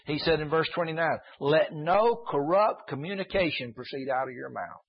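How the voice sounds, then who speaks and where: A man preaching a sermon, reading scripture and asking rhetorical questions, with deliberate slowed emphasis. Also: on the high side, animated, slightly rough, muffled recording. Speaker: pastor. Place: church service.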